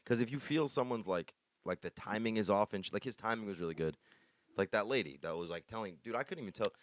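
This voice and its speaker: A young man co-hosting a podcast, telling stories fast and animated in casual chat, swearing freely. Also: fairly low pitch, no room sound. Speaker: podcast co-host.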